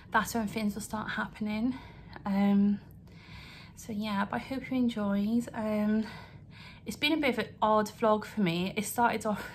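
A woman's voice: mid-range voice, darkish tone, a little hiss or hum. A young adult woman speaking earnestly to camera from her home, rambling and apologetic as she talks through her feelings. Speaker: vlogger. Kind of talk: emotional vlog rant to camera. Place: home, indoors.

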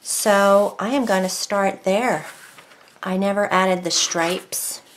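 A woman giving a casual painting tutorial at her home craft desk. She talks in a chatty, rambling way and drops to a soft mutter while she concentrates. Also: mid-range voice, fairly even intonation, slow.

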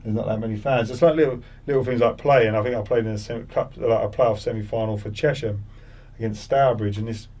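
A man's voice: fairly low pitch, steady tone, fast, darkish tone, distant mic. A man in his forties, a former footballer, chatting as a podcast guest with many restarts and repeated words. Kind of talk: casual interview chat.

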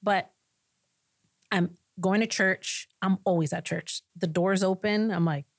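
A woman pastor sharing a personal testimony in a podcast conversation, telling it with animated storytelling. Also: medium pitch, unhurried, dry recording, clean studio sound. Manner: animated storytelling, acting out quoted voices.

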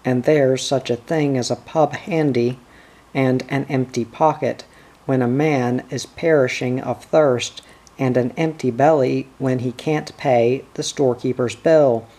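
Gruff mustached prospector voiced by a male reader, dark tone, slow. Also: mid-range voice, fairly even intonation. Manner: gruff, blunt.

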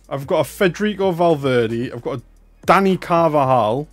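A man's voice: on the high side, expressive, normal speed, soft background music. A young man with a North East English accent, chatting glumly and mocking himself as he opens cards for viewers on a livestream. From North East England. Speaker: card-opening streamer. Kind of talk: casual livestream chat.

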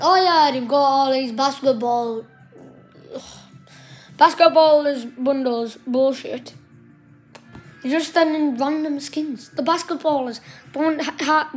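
A woman's voice: sits high, measured pace, soft background music. A woman giving casual, rambling gameplay commentary, chatty and swearing mildly as she goes. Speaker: gaming streamer.

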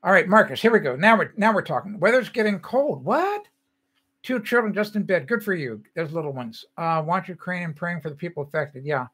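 A man's voice: high voice, expressive, fairly quick, few pauses, a bit bright, slightly rough. An older man hosting a casual livestream, chatting loosely and reading out viewer comments as he greets people by name. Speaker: livestream host.

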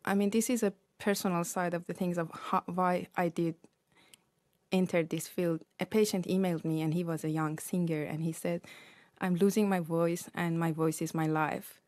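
A woman researcher being interviewed on radio, explaining her work in a measured, careful way. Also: on the low side, fairly even intonation, a little mellow, no room sound. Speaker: researcher guest.

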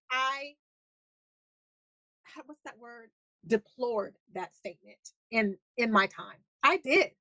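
An earnest woman chats on a faith-based podcast, winding through long, searching questions. Her voice sits a little high. The sound is dry and close, with no room around it. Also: pushed and bright, no echo, poor audio. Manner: earnest, rambling, restarts thoughts often. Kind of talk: casual faith-based conversation.

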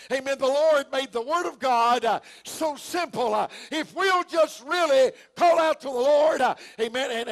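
A man preaching a fervent sermon as pastor, often breaking into shouts and peppering his lines with "uh, amen.". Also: extremely high pitch. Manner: folksy, homespun delivery.

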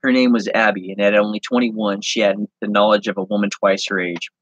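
A man reading his handwritten story aloud, halting and correcting himself as he goes. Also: on the low side, flat delivery, a bit bright, no room sound, highs cut off. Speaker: online reseller and host.

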